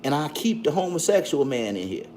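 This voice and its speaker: A man's voice: on the high side, very animated, a little fast. Black dude ranting on his stream, cussing and mocking, voice jumping all over, bit of hiss. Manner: loud, profane, mocking, with frequent laughs. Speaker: livestream host. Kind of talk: combative livestream commentary.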